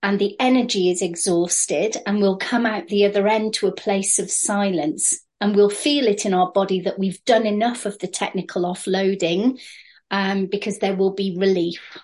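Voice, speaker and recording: A woman explaining a therapy exercise in a training session, calm and steady with occasional fillers. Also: mid-range voice, normal speed.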